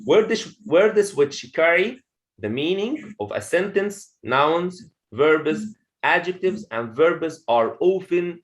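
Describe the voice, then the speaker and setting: A man teaching English pronunciation in an online class, repeating words and phrases slowly for his students. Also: a little high, animated, low-quality recording. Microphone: video call.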